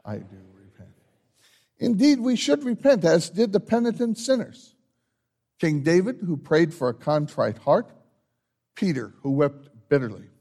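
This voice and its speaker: A pastor, a man, reads the order of confession in a measured, solemn cadence. His voice is fairly high for a man and swings widely up and down. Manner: measured, solemn liturgical delivery with lively rises. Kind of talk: church announcements and liturgy.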